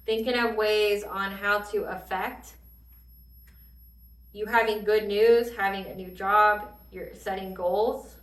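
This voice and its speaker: A woman giving a casual tarot reading in an animated way, swearing freely and laughing often. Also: mid-range voice, slow pace, reverberant, recorded from a distance, poor audio. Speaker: tarot reader.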